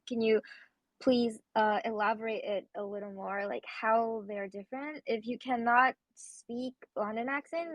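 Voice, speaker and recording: A woman's voice: a little high, no room sound, low-quality recording. A woman from China calling in, asking curious and polite questions in casual chat. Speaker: caller. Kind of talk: casual chat over a live call.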